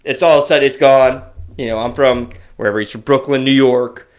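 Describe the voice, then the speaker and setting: Rambling, animated podcast co-host man. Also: medium pitch, moderate pace. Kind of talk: casual chat.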